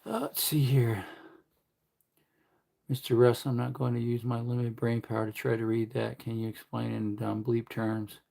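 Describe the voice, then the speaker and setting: A man's voice: mid-range voice, level tone, moderate pace, gravelly, warm tone. Mumbling man chatting on a livestream. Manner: mumbling, joking asides to chat. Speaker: livestream host. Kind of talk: casual livestream chat while reloading ammunition.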